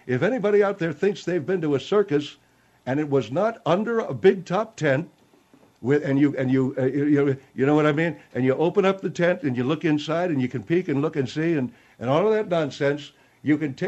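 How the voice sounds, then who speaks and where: A cantankerous general, as voiced by a man, spars with the host on a radio comedy bit, gruff and quick to insult. His voice sits a little high for a man. The broadcast sound is dull and lo-fi. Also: animated, darkish tone. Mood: combative. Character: cantankerous male general, argumentative radio guest. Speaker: guest on a radio talk show.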